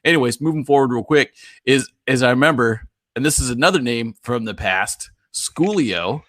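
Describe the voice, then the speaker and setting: A man co-hosting a podcast in casual chat, quick to laugh. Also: mid-range voice, lively intonation, fairly bright tone, no room sound, clean studio sound. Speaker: podcast co-host, former radio DJ.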